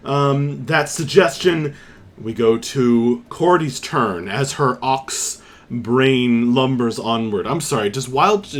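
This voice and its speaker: Guy running a tabletop game on stream, medium voice, vivid narration with lots of uhs. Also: medium pitch. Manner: vivid descriptive narration with frequent fillers. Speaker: game master.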